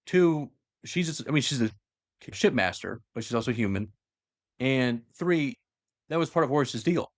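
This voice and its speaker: A man's voice: mid-range voice, animated, normal speed, no room sound, clean studio sound. A man casually retelling a story in a loose, rambling way with many fillers. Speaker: lore explainer. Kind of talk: casual lore chat.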